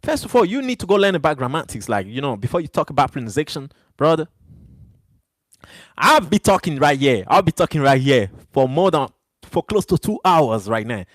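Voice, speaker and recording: A man's voice: a little high, sing-song, brisk, dry recording. A man hosting a live stream, arguing back at chat viewers in a heated, repetitive way, English not his first language. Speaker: livestream host.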